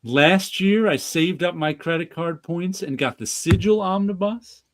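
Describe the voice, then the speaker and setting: Against a noisy background, a man with a New York accent speaks a little slowly in a high voice as a podcast co-host. His casual talk rambles, full of restarts and light laughter.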